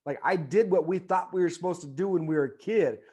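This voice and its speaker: A man in his forties from the United States, a former ballplayer telling his story as an interview guest in a rambling, filler-heavy way that turns into a fervent motivational pitch. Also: a little fast, darkish tone, husky. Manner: rambling, many fillers and restarts. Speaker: podcast guest, former baseball player.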